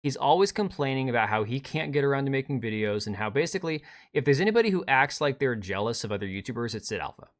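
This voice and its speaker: A man's voice: mid-range voice, expressive, quick pace, few pauses. A man streaming a reaction to a video, talking sarcastically, swearing and mocking the speaker in whiny quotes. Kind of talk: live stream reaction commentary.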